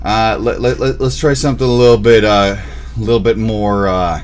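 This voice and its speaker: Rambling low-voiced young male streamer. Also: steady tone, a little fast, slight background noise. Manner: rambling, scattered, bursts into yelling. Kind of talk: casual live-stream chat.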